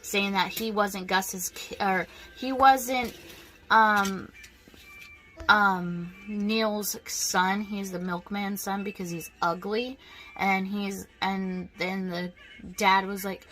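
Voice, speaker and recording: A woman's voice: medium pitch, takes it slowly, pushed and bright, slight background noise. A woman giving a casual book vlog update, chatting loosely with lots of ums, likes and restarts. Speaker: book vlogger.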